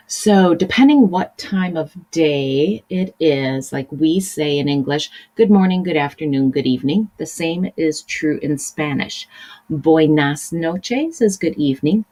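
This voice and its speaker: A woman's voice: low-pitched, darkish tone, low-quality recording. A woman teaching a recorded language lesson, explaining patiently and switching between English and example phrases. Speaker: Spanish teacher.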